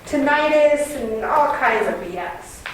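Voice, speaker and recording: Woman channeling a loving male cosmic commander, calm earnest teaching, slightly high voice, far-off mic, heavy room echo, noisy. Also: unhurried. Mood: instructive. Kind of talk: channeling session.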